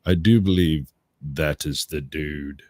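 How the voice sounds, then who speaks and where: Deep-voiced Southern man, laid-back. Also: slow, darkish tone, no echo, clean studio sound. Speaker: guest. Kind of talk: casual chat.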